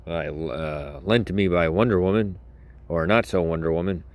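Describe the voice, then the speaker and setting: A middle-aged man with a very low voice rambles through a solo podcast. He is crude and sarcastic and laughs at his own jokes. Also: normal speed, darkish tone. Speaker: podcast host.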